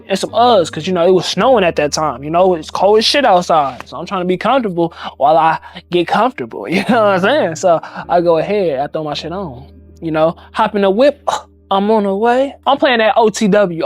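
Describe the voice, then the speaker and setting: A young man telling a personal story in casual slang, acting out the other people in it. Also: sits high. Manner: animated, slangy, acts out voices.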